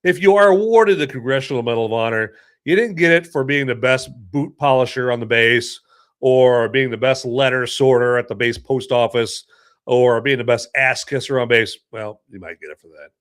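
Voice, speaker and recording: A man hosting a podcast in a casual monologue, telling stories in a rambling, joking and animated way. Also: mid-range voice, normal speed. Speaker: podcast host and movie reviewer.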